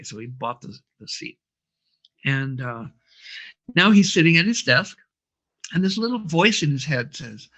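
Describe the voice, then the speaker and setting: A man's voice: fairly high pitch, unhurried, a bit bright, highs cut off. A man who runs brainwave training, telling a long anecdote in an interview, with many fillers. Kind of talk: storytelling interview answer.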